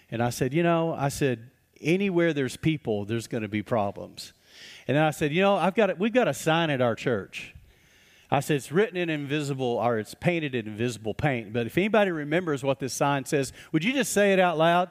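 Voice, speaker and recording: Pastor preaching in a reverberant hall. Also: male voice, on the high side, lively intonation, a little fast. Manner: folksy storytelling, acts out quoted voices. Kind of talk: sermon. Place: church sanctuary.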